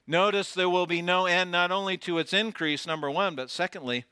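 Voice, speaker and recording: A man preaching a sermon, swinging from loud declarations down to near whispers and putting rhetorical questions to his congregation. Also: high-pitched, steady tone, a little fast, smooth, no room sound, studio quality. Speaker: pastor.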